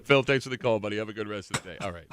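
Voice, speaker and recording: A man's voice: fairly low pitch, rapid-fire, a bit bright. A man from hosting a radio call-in show, teasing callers and laughing often. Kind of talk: morning radio call-in banter.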